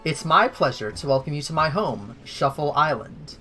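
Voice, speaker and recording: A game master voicing a grand tournament hostess. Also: female voice, sits low, lively intonation, moderate pace, bright, forceful tone, soft background music. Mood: grandiose. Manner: grandiose, formal announcing. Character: grand wealthy woman tournament host, theatrical. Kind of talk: tabletop game character voice.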